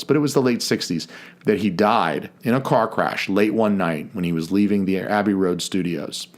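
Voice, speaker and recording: A man co-hosting a casual podcast chat, joking and swearing as he tells stories. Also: lowish voice. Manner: chatty, profane, jokey storyteller. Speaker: podcast co-host.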